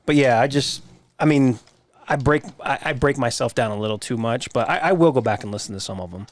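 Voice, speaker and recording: A man guesting on a podcast with a soothing, low-key voice, talking in a modest, relaxed way. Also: brisk. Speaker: sports podcast host, guest. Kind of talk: casual podcast conversation.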